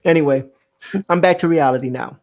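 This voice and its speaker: A man's voice: a little high, brisk, darkish tone. A man hosting a casual live stream, joking around and reading viewer comments aloud. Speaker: stream host.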